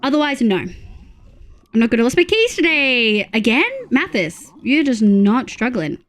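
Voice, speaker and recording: Young aussie girl streaming, bit high voice, chatty, mutters to herself then gushes at chat. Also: very animated, normal speed. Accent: Australian. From Australia. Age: young adult. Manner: chatty, reads chat aloud, gushing exclamations and muttered asides. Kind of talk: casual live-stream chat.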